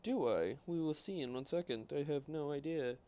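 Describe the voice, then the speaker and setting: A man's voice: fairly high pitch, lively intonation, moderate pace, warm tone. A man doing a casual, rambling voiceover over his own gameplay, chatting and poking fun at his own choices. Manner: rambling, self-mocking, chatty. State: yawning, tired. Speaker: gaming channel host.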